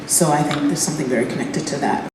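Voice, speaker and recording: A woman's voice: sits low, steady tone, fast. A woman on a convention panel, telling casual stories with lots of fillers and frequent laughter. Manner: chatty, many fillers, laughs often. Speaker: actor on a fan convention panel. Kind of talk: casual anecdotal storytelling. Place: large indoor convention hall. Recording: echoey convention hall from far off, ambient noise.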